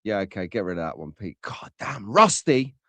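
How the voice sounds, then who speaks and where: A man's voice: on the low side, big pitch swings, normal speed, fairly bright tone, no echo. A man hosting a live stream in a chatty, rambling, jokey way, greeting viewers by name. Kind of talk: casual live-stream chat with viewer shout-outs.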